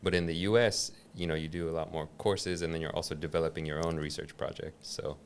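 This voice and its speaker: A man's voice: a bass voice, level tone, fast, slight background noise. A man, a podcast guest, talking in an easygoing way with dry teasing humor. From United States. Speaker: guest, executive coach. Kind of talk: relaxed conversational interview.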